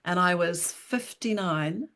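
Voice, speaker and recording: A woman in her sixties, a writer and interview guest, telling her story with lively energy and frequent laughter. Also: lowish voice, slow. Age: 60s. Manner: animated storyteller, laughs often.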